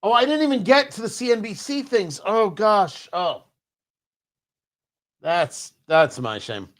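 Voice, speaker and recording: A male host on a live-streamed talk show, joking with chat viewers and often restarting his sentences. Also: sits high. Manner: animated, teasing chat-reader banter; halting, restarts mid-sentence.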